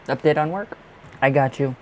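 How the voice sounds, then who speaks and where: Man, tarot reader, live stream host, chatty, expressive, laughs a lot, mid pitch, faint background noise. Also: normal speed, low-quality recording. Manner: chatty and expressive, laughs often, talks straight to viewers. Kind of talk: casual live-stream chat with viewers.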